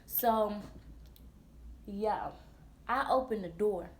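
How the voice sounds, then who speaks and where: A woman in her twenties, a vlogger telling a storytime in a blunt, profane, animated way full of slang. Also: mid-range voice, measured pace, long pauses, slight background noise. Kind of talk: storytime vlog.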